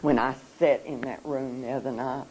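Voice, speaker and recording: An adult giving an emotional talk at a seminar, speaking earnestly in a halting way, with many pauses and repeated words. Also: medium pitch, fairly even intonation, darkish tone, slight background noise, rough recording.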